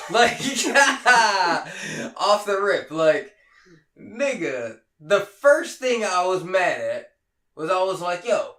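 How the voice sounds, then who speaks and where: A man's voice: sits high, a bit bright, distant mic. A young man co-hosting a podcast, telling a story in casual chat, swearing a lot and laughing often. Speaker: podcast co-host. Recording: roomy, off-mic echo.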